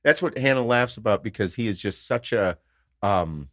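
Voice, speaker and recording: A man's voice: fairly low pitch, moderate pace, no room sound, studio quality. A man hosting a podcast, telling family stories in casual chat, swearing often and acting out what others said. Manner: animated storytelling, swears a lot, acts out quotes. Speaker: podcast host.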